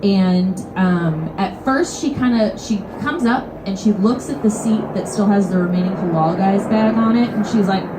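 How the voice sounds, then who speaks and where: A woman's voice: mid-range voice, normal speed, few pauses, background noise. Rambling, profane young woman from Kentucky. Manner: rambling, profane, heavy use of "like". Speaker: storyteller. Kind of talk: live comedic storytelling. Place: bookstore cafe at a live show. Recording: roomy live venue sound.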